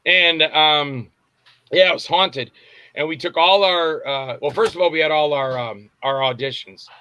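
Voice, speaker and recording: A man's voice: fairly high pitch, unhurried, pushed and bright, clear, resonant tone. A man, a film director, being interviewed and telling long, rambling stories, often stopping to search for names. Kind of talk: casual interview storytelling. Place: lives in Tampa.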